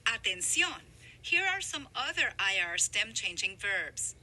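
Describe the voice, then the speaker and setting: A woman narrating a scripted grammar lesson, explaining clearly with emphasis. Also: medium pitch, sing-song, measured pace, sharp tone, poor audio. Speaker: language instructor.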